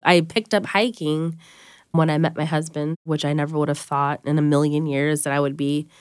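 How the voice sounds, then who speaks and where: A woman's voice: sits low, steady tone, normal speed, darkish tone, clear, resonant tone, no echo, studio quality. A young woman in her twenties speaking bluntly and candidly in an interview, saying "like" often. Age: 20s. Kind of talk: emotional interview recollection.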